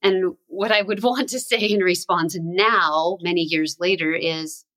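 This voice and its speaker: A woman with a fairly low voice speaks earnestly on a podcast. She often pauses on "um" as she shares a personal memory. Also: steady tone, a bit bright. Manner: earnest, personal, hesitant with ums. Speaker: ministry staffer on a podcast. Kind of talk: casual conversation.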